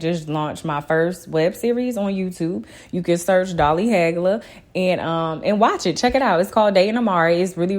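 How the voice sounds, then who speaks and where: A woman talks straight into her own podcast in a loose, personal monologue. Her voice sits notably low, and she speaks with open emotion, often leaning on "you know.". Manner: candid and emotional, with frequent "you know" fillers. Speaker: podcast host.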